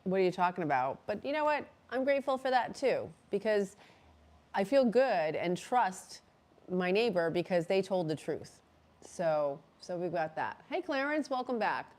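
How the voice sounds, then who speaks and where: A woman with a medium-pitched, expressive, slightly slow and mellow voice hosts a casual livestream from a cold room in her home. She chats and rambles, full of fillers and restarts, with the mic clipped near her cat.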